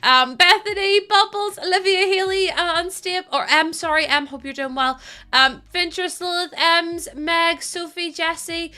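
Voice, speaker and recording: A woman's voice: very high voice, moderate pace, bright, forceful tone. A young woman streaming live, chatting casually and giggling as she thanks viewers by name. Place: home, indoors.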